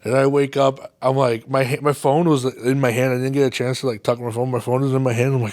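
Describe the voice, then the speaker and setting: A man's voice: medium pitch, quick pace, few pauses, no echo. A man hosting his own podcast, telling a long casual story full of swearing and acted-out reactions. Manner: swears constantly, lively anecdotes with exaggerated quoted reactions. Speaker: podcast host.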